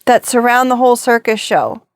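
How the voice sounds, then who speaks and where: A woman's voice: on the high side, expressive, normal speed, no room sound. Dry-voiced woman giving a reflective reading. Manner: reflective, asks rhetorical questions. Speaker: tarot reader. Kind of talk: spiritual reading to camera.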